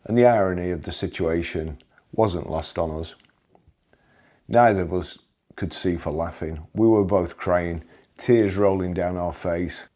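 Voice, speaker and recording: Deep, mellow-voiced man, relaxed and wry, for first-person memoir storytelling. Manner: wry, conversational, occasional restarts. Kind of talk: anecdotal storytelling.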